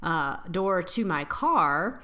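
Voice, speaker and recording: A woman's voice: lowish voice, expressive, bright, forceful tone, slight background noise. A woman co-hosting a podcast, casually reading folklore from her notes and stumbling over words now and then. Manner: reads from notes with halting restarts. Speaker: podcast co-host.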